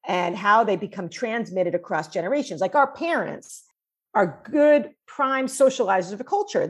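A woman's voice: medium pitch, husky. A woman from New York, a cross-cultural psychologist, chatting animatedly in an interview. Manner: animated, chatty storytelling with fillers. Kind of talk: conversational interview.

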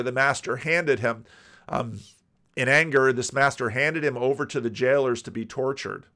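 A man preaching a sermon, explaining a parable and acting out its characters with animated, rising outbursts. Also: mid-range voice, vocal fry.

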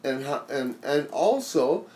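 A man's voice: a little high, big pitch swings, slow, darkish tone. Teasing podcast host man. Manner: teasing, therapist-like probing with wry jokes. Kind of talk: probing podcast interview.

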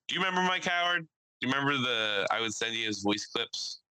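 A man's voice: mid-range voice, expressive, fast, pushed and bright, clean tone, no room sound, rough recording. A man hosting a casual podcast, telling stories with lots of swearing and laughter. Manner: profane, laughing, storytelling. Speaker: podcast host.

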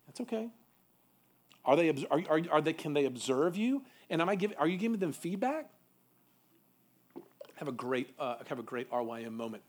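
A man teaching a seminar to youth ministry workers, asking the room questions and adding folksy asides. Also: fairly high pitch.

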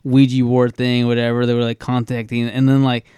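A man of middle pitch tells stories on a podcast with sarcastic, animated energy and plenty of swearing. His voice is clear and smooth, recorded close with no room sound. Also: fairly quick, no room sound. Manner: animated, sarcastic, profane storyteller. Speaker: podcast co-host. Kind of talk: casual chat.

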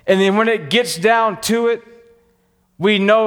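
A man's voice: high-pitched, a little slow, pauses often, a bit bright, clear, resonant tone, long reverb tail. A man with a Texan accent preaching a sermon as pastor, talking with passion and fight in a church.

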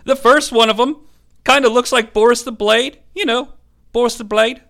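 A man's voice: very high-pitched, fairly even intonation, moderate pace, a bit bright. A man giving an irreverent, crude, joking recap of a movie as host of a review show.

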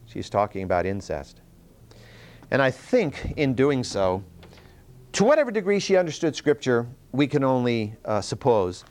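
A man teaching verse by verse through a Bible passage, explaining earnestly and reading Scripture aloud with emphasis, often pausing to correct himself. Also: mid-range voice. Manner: self-correcting, with restarts and fillers.

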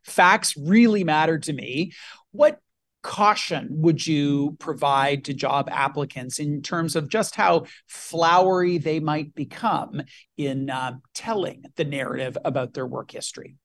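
Interviewer, gravelly voice, chatty questions, playful asides, dry room. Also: medium pitch, a little slow, dry recording. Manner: chatty, asks with asides and jokes.

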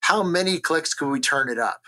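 A man from the United States, an economist, explaining ideas in an energetic, argumentative interview style, often checking in with "right?". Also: on the high side, normal speed. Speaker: economist guest. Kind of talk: conversational interview.

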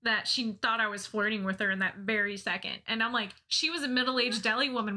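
A woman's voice: a little high, fairly even intonation, fairly quick, hardly any pauses, pushed and bright. A woman on a podcast telling funny stories about herself in casual chat, laughing often, self-mocking and swearing now and then. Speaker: podcast co-host.

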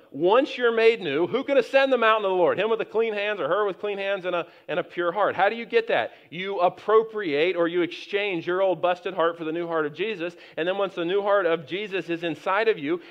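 A middle-aged male pastor delivering a sermon in a loose, storytelling way, stopping and restarting, then pressing his points with rising force. His voice sits a bit high for a man. The sound is slightly dull and lo-fi. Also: fairly quick, hardly any pauses. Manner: conversational, anecdotal preaching with many restarts and rising emphasis.

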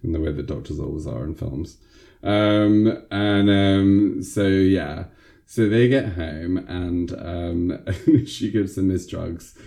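Deep-voiced man rambling through a film recap. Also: slow pace, gravelly, dark tone. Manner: rambling, lots of fillers. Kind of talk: casual film recap chat.

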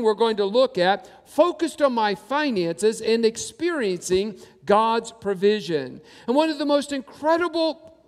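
Male pastor, high voice, preaches with emphatic repetition, long hall reverb. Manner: emphatic preaching with repetition and slow stressed quotes. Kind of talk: sermon.

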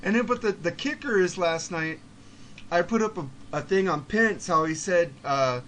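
A man's voice: high-pitched, animated, moderate pace, a bit bright, a little hiss or hum. Profane, fired-up man ranting on a podcast. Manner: profane, heated storytelling. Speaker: podcast guest. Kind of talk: casual podcast chat.

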